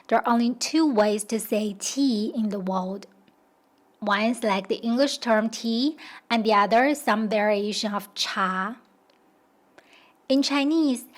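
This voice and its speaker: A woman narrating a scripted documentary voice-over in a steady, explanatory way. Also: a little high, a little slow.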